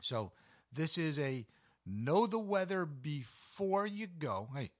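A man's voice: on the high side, sing-song, slow pace, no echo, clean studio sound. A man hosting an outdoor adventure show, telling rambling, enthusiastic stories and giving casual tips. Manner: chatty, rambling, enthusiastic storyteller. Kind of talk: casual outdoor storytelling to camera.

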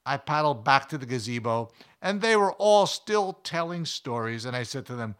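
Man, storyteller host, bright forceful tone, folksy and emphatic. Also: medium pitch, normal speed, few pauses. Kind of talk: animated personal storytelling.

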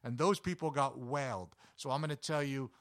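A man's voice: mid-range voice, normal speed, dry recording, clean studio sound. A man telling casual travel stories in a rambling, anecdotal way, with many fillers and restarts. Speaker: travel vlogger.

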